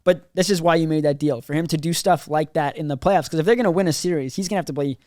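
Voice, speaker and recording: A man's voice: fairly high pitch, fast talker, a little mellow, no echo, studio quality. A man, co-hosting a hockey podcast and giving emphatic casual analysis. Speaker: podcast co-host.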